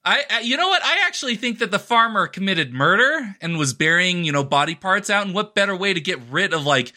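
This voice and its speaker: A man co-hosting a casual podcast, throwing in quick, excitable joking asides. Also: sits high. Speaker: podcast co-host.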